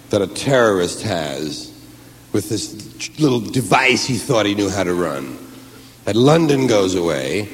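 A man doing a stand-up comedy routine, telling rambling, profane, animated stories. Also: on the low side, vocal fry, long reverb tail, slight background noise.

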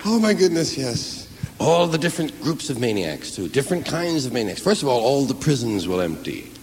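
A man doing a stand-up comedy routine, telling rambling, profane, animated stories. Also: medium pitch, brisk, big-room sound.

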